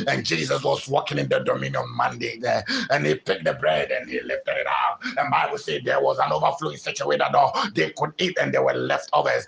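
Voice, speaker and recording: A man preaching a sermon, building rhythmic repeated phrases that swell into loud, fervent peaks. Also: medium pitch, big pitch swings, moderate pace, vocal fry, few pauses, poor audio. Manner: rhythmic repetition with sudden swells.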